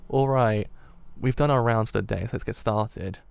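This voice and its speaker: A man's voice: lowish voice, moderate pace, creaky, darkish tone, clear, resonant tone. A man with a British accent voicing an earnest male hospital doctor in a formal way. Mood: eager.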